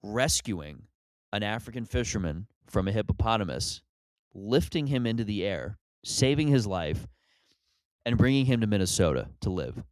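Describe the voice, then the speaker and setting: A man, hosting a solo comedy podcast and rambling in an animated way, with many restarts. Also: on the low side, moderate pace, no echo. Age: 30s.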